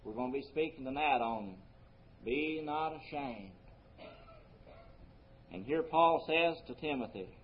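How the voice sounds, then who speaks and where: A man preaching a sermon earnestly, his voice rising for emphasis and then dropping soft. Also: a little high. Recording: muffled lo-fi recording.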